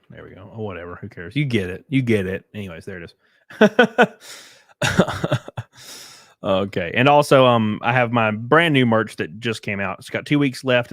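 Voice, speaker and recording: Speaking at normal speed with lively intonation, a Southern US man hosts a loose live stream in a voice on the low side. The recording is dry, a bit bright and clean studio quality. He jokes around, rambles, and reads out and thanks viewers for their messages.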